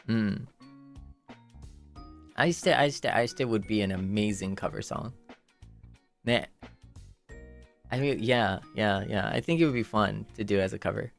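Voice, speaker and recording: A man's voice: lowish voice, measured pace, gravelly, long pauses, soft background music. A man chatting casually on his livestream in a playful, rambling way, full of "like" and repeated phrases.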